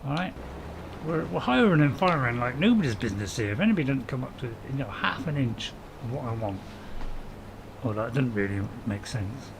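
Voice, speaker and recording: A man's voice: mid-range voice, animated, a little fast, gravelly, noisy background. A middle-aged man, chatting casually and joking while streaming a farming game and answering his viewers' chat. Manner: chatty, jokey, chuckling, reading chat aloud. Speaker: gameplay streamer. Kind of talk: casual live-stream commentary.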